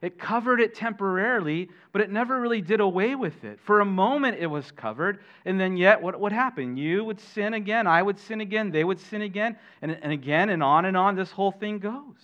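A middle-aged man preaching a sermon as pastor, animated, questioning his listeners and adding jokey asides. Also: high voice, fairly quick, few pauses. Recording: dull lo-fi sermon recording.

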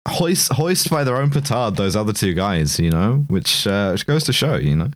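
A man's voice: fairly low pitch, big pitch swings, normal speed, no room sound, clean studio sound. A man co-hosting a casual film review chat, rambling and wry with plenty of filler words. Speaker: podcast co-host.

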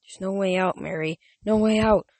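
A man voicing a panicked, delirious teenage boy in a storybook reading, crying out in shrill, frantic bursts. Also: unhurried, darkish tone, husky, no echo, full character voice.

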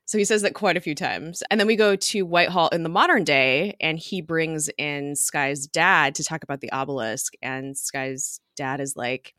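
A woman's voice: sits low, moderate pace, hardly any pauses, fairly bright tone, dry recording, clean studio sound. A woman co-hosting a podcast, recapping a TV episode in casual chat, with many ums and frequent laughs.

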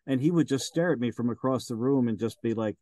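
A man's voice: medium pitch, fast, dark tone, no echo. A man in a mid-range voice talks in a rambling, hesitant way and fills his sentences with ums and uhs. He is a casual interview guest who narrates audiobooks. The recording is dry and close, with no room sound. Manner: rambling, hesitant, many fillers.

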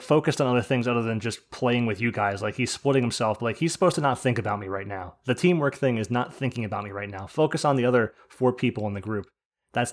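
Man, mid-pitched, loose storytelling, acts out the other players. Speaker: group leader discussing a game. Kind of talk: casual podcast chat.

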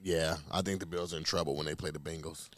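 A man co-hosting a casual sports talk show, brash and profane, trash-talking with animated swings. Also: a bass voice, quick pace, no room sound. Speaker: podcast co-host.

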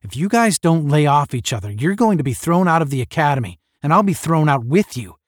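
A man's voice: fairly high pitch, sing-song, fairly quick, no room sound, voice pushed up. A man reading the part of an earnest young space cadet who hesitates before his superiors.

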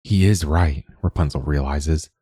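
Male audiobook narrator, very deep voice, dry close recording, measured delivery. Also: dark tone, slightly rough, no echo.

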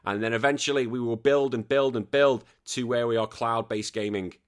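An English man with a northern accent from near Liverpool hosts a casual podcast, reading out listener questions. He swears freely and jokes through animated rants, at a middling pitch. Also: moderate pace, clear, resonant tone. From England. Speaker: podcast host.

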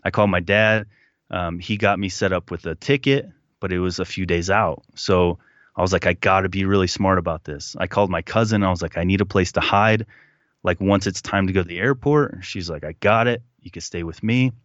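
Low-voiced man telling a story. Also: fairly quick, no echo, highs cut off. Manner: animated retelling, acting out quotes. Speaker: podcast guest. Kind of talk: casual storytelling.

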